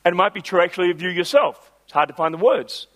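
A middle-aged man delivers a sermon in a fairly high voice. He moves between warm personal storytelling and emphatic, drawn-out preaching. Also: lively intonation. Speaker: pastor.

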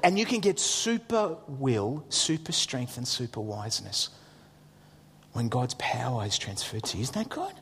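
A middle-aged man, preaching a sermon as an animated storyteller who acts out his son's lines. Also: medium pitch, unhurried, slight background noise. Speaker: pastor. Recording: long hall reverb.

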